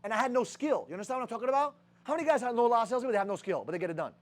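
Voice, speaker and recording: A young man with a high voice gives a blunt, swear-heavy motivational talk to a sales team. He keeps firing rhetorical questions at them. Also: animated, very fast. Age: young adult.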